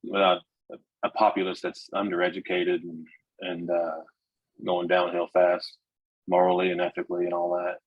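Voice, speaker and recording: A deep-voiced man with a husky edge, a guest on a casual podcast who talks bluntly and restarts his lines as he goes. The sound is dull and a little lo-fi. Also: completely flat delivery, dry recording. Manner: blunt, opinionated, halting restarts.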